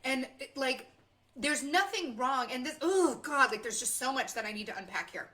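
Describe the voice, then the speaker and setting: A woman's voice: high voice, lively intonation, moderate pace, bright, forceful tone. A woman hosting her own live stream, talking off the cuff in an impassioned, rambling way with lots of emphatic repetition. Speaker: host of a motivational live stream. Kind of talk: unscripted live stream monologue.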